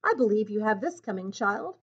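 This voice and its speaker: Woman voicing a gentle old Amish elder. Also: mid-range voice, animated, breathy edge. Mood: kindly. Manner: slow, kindly, old-fashioned speech. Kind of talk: storybook read-aloud. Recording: dull lo-fi recording.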